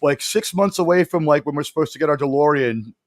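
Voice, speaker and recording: A man's voice: on the high side, quick pace, no room sound. A man co-hosting a casual chat, telling stories with wry jokes, speaking very close to the microphone. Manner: joking, storytelling, wry. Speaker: co-host.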